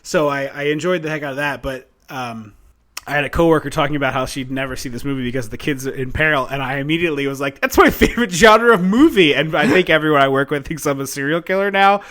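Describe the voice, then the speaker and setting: A man's voice: medium pitch, steady tone, fast talker, fairly bright tone. Chatty male podcast co-host. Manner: chatty, enthusiastic, many fillers and restarts. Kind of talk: casual chat, film review.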